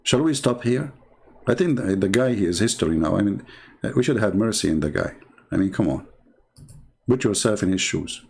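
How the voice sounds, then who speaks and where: A man's voice: lowish voice, expressive, fairly quick, creaky, pauses often, darkish tone, breathy edge. Sarcastic non-native man mocking. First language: not English. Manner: mocking, sarcastic, with broken English. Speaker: show host. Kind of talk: sarcastic commentary.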